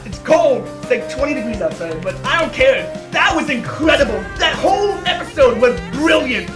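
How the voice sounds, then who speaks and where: Excitable reaction-channel guy, out of breath, roomy room sound with faint music underneath. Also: extremely high pitch. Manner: gushing, exclamatory, swears freely, stammering restarts. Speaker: show reaction youtuber.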